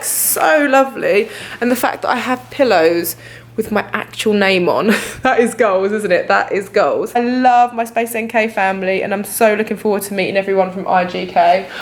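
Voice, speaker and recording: Gushing woman vlogging. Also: a little high. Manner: gushing, excitable, gasps and laughs often. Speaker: beauty vlogger. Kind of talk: casual vlog to camera. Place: hotel room and city streets.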